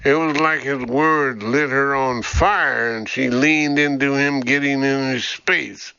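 A man reading scripted audiobook narration in a measured, even storytelling manner, in a dull lo-fi recording. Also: mid-range voice, gravelly, smooth, dry recording.

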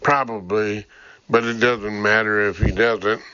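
Guy voicing a grinning chatty young dude, slowish, lofi dull audio. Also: on the low side, fairly even intonation, pushed and bright, smooth, no echo, voice pushed down. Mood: eager. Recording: dull lo-fi recording.

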